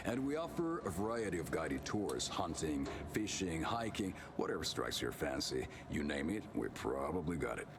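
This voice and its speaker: A man's voice: very deep voice, big pitch swings, moderate pace, full character voice. An actor playing a cheerful, chatty small-town male tour guide with folksy salesman patter. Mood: upbeat. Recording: game audio with ambient noise.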